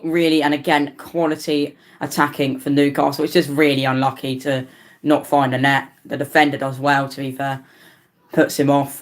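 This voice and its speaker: A tired young man in his late teens, giving rambling, stumbling live commentary on a football match as a fan, his voice jumping up in pitch whenever a team attacks. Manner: excitable play-by-play that jumps up in pitch on attacks.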